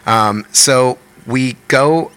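A man's voice: mid-range voice, very slow, a bit bright, clean tone. A man casually telling a story to friends. He talks animatedly, swears freely and acts out what people said.

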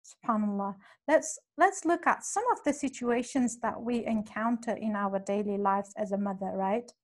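A woman's voice: medium pitch, moderate pace. A woman hosting a religious parenting talk, speaking earnestly and instructively and addressing her listeners directly. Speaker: podcast host and parenting speaker.

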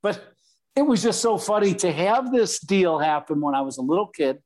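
A man's voice: high-pitched, moderate pace. Middle-aged man telling a baseball story. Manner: animated, acts out voices in anecdotes. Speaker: former pro baseball player, guest. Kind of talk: casual storytelling.

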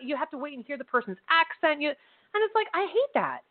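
A woman's voice: high-pitched, very animated, racing. A woman co-hosting a casual political chat, talking freely with fillers and swearing. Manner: chatty, swears freely, many fillers and restarts. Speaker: co-host. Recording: phone-like narrow sound.

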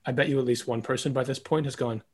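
Husky-voiced male podcast host. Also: medium pitch, steady tone, fast, a little mellow. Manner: talkative, reflective, many "like" fillers. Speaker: podcast host, former ballet dancer. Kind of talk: casual podcast conversation.

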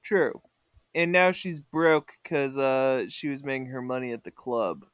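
A podcast co-host in casual chat about a comic, making wry deadpan comments. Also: mid-range voice, a little slow, no room sound.

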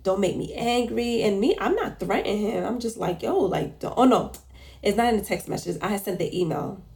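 A young woman with a gravelly edge to her voice tells a story in casual podcast talk. She vents and jumps up in pitch when she quotes people, and her voice stays at a mid-range pitch between those peaks. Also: a little fast. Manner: animated, venting, quotes people in a raised voice. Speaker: podcast host and business owner.

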